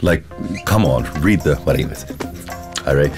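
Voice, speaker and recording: A man's voice: very deep voice, animated, normal speed, over music. A man, a musician guest telling casual stories, laughing often and swearing lightly. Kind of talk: casual storytelling.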